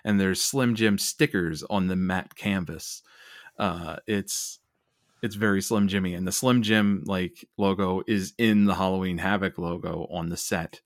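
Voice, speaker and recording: A man with a low voice trades stories on a podcast in an easy, wry tone. His humor is dry and offhand. The recording is close and dry. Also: steady tone, a little slow, no echo. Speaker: podcast co-host. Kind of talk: casual chat.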